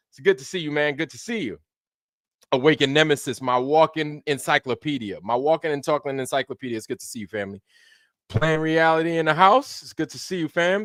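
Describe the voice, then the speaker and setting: A man's voice: medium pitch, animated, fairly quick, a bit bright, no room sound, clean studio sound. A man from Brooklyn, hosting a casual livestream and greeting viewers in a loose, profane way. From Brooklyn, New York. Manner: loose and profane, drops into put-on voices. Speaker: livestream host.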